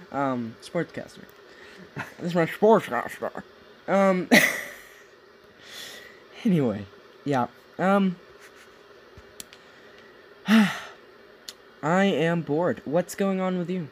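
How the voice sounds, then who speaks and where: Goofy, rambling young man with a high-ish voice. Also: drawn-out words, pauses often, slight background noise, poor audio. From United States. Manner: goofy, rambling, laughs at his own jokes. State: tired late at night. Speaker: podcast co-host. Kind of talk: casual chat. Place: home basement.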